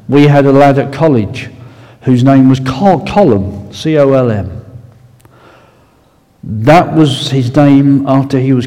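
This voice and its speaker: Slow, dark-voiced Essex man preaching. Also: mid-range voice. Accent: Essex English. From Essex, England. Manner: unhurried, conversational, with fillers and asides. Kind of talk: sermon with prayer. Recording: long reverb in a large hall.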